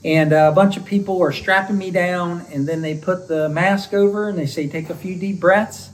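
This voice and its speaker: A man's voice: high-pitched, steady tone, moderate pace, far from the mic, a little hiss or hum, rough recording. A middle-aged man, a homestead channel co-host, casually telling about his surgery with an easygoing, joking manner. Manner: easygoing, joking, chuckles between phrases. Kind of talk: casual recovery story vlog.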